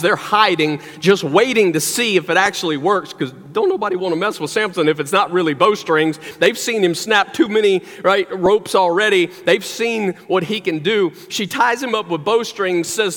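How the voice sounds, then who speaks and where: A man's voice: high-pitched, fairly bright tone. A man preaching a sermon, telling a story animatedly with wry, joking asides. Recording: long hall reverb.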